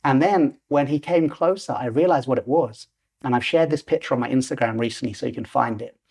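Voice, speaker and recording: A man's voice: medium pitch, fairly quick, gravelly, a little mellow, slightly rough. A man in his forties, a podcast guest telling a personal story animatedly and acting out the voices in it. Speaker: podcast guest, lucid dreaming teacher.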